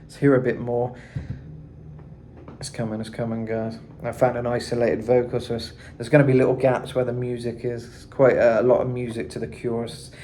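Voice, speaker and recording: A man's voice: medium pitch, completely flat delivery, brisk, dark tone, slight background noise. Chatty man giving a singing lesson. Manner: chatty, with many fillers and asides. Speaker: vocal coach. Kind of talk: casual vocal tutorial. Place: hot room indoors.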